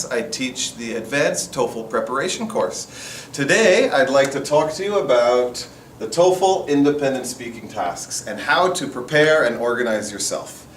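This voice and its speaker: A man's voice: mid-range voice, fairly bright tone. A man teaching a test-preparation course, explaining strategies firmly and stressing key points in short phrases. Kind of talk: instructional talk. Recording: roomy echo, far from mic, faint noise.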